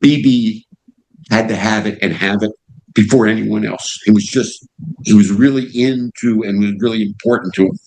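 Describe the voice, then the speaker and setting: A man's voice: fairly low pitch, normal speed, low-quality recording. An older man, a radio host being interviewed, telling an anecdote and acting out the people in it. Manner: lively storyteller who acts out the voices in his anecdotes. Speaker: satellite radio host, guest.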